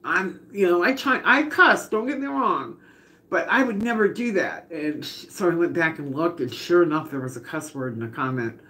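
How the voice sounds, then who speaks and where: A woman's voice: on the low side, animated, normal speed, a bit bright. A woman hosting a casual live cooking stream from her home kitchen, chatty, laughing often and greeting viewers by name. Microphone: phone camera.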